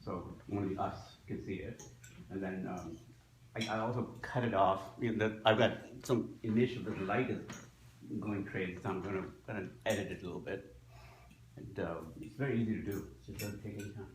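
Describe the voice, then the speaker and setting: A man's voice: on the low side, steady tone, a little fast, reverberant, slight background noise, poor audio. A man rambles casually about filming the meeting on his phone. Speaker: video operator at a club meeting.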